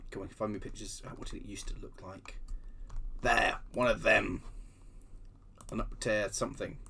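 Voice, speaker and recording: A man's voice: fairly low pitch, steady tone, normal speed, vocal fry, background noise. A man hosting a casual livestream, chatting in a rambling, self-deprecating way with many restarts, keyboard typing behind him. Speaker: livestream host.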